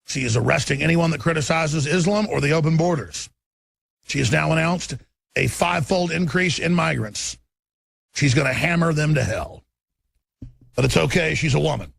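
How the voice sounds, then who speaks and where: A man's voice: fairly high pitch, normal speed, gravelly, fairly bright tone, dry recording. A middle-aged man, hosting a political talk radio show in an intense, ranting, emphatic way. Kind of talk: political commentary broadcast.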